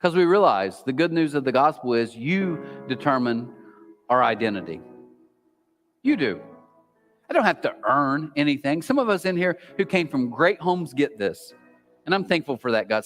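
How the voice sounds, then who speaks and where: Animated male preacher in a reverberant hall. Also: on the high side. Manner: animated preaching, acts out a whispering inner voice. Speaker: pastor. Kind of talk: sermon. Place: large church auditorium.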